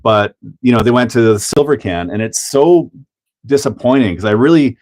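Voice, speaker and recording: A man's voice: mid-range voice, expressive, moderate pace, darkish tone. Chatty man hosting a hobby livestream. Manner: chatty, greets viewers by name, laughs often. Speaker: livestream host. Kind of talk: casual live chat while building a model.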